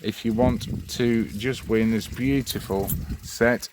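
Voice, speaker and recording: A man's voice: mid-range voice, fairly even intonation, slow, background noise. A man hosting his own channel, chatting in a rambling, friendly way. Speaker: channel host. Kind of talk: casual vlog address.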